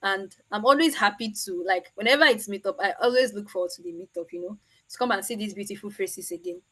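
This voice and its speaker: A woman's voice: mid-range voice, fast, sharp tone. A Nigerian woman hosting an online meetup over a video call, chatty and teasing. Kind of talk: casual chat.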